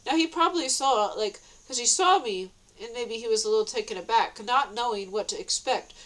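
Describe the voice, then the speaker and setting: A woman with a fairly high voice tells a long, wandering story straight to camera. She giggles between phrases, backtracks and restarts, and lifts into a sweet, bright high tone whenever she quotes herself. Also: animated, fairly quick, hardly any pauses, poor audio. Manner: meandering, with many restarts and self-corrections. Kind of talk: rambling personal storytelling vlog.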